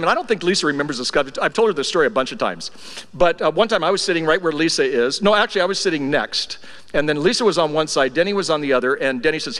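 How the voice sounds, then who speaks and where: An older man speaking at a memorial service in a church, telling wry, affectionate stories that sometimes drop to a soft, emotional tone. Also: on the high side. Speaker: eulogy speaker. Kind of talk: memorial tribute speech. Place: church sanctuary. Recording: reverberant church hall.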